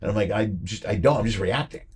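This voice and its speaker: Husky man telling lively stories. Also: fairly low pitch, fast. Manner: animated storytelling, acts out quoted voices. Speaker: podcast host and comedian. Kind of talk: casual chat.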